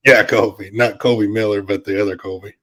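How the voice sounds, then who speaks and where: A man with a fairly low voice chats casually with a friend. He speaks in relaxed short replies and asks easygoing questions. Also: a little fast. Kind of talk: casual chat.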